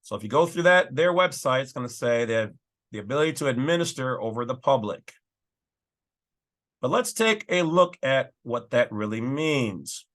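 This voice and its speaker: Bright-voiced man explaining legal texts. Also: mid-range voice, expressive, moderate pace. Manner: folksy, emphatic, chatty asides. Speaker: channel host. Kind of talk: casual commentary reading legal documents.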